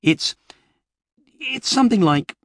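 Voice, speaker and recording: A man voicing a flustered writer who talks in a fussy, rambling, exasperated way, pitched up from his reading voice, in an audiobook. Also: animated, slow, no echo, clean studio sound, exaggerated voice. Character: flustered middle-aged male fantasy writer.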